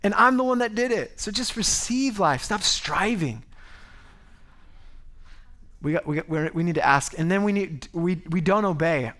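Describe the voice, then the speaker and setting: A male pastor preaching a sermon to a congregation at a church service, in a conversational, animated way, often breaking off and restarting. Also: a little high. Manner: conversational, animated, self-interrupting.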